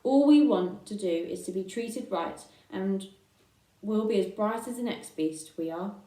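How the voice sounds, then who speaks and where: A croaky old ewe from a storybook, blunt and motherly, with a rough rustic way of talking, as a woman reading aloud puts her on. The voice is mellow and sounds a little far off in an echoey room. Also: medium pitch, measured pace, natural voice. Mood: gruff.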